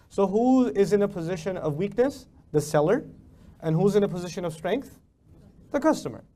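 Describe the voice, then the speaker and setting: A man's voice: high voice, big pitch swings, a little fast, mellow. A man giving a religious lecture as a preacher, emphatic and full of rhetorical questions. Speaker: Islamic preacher.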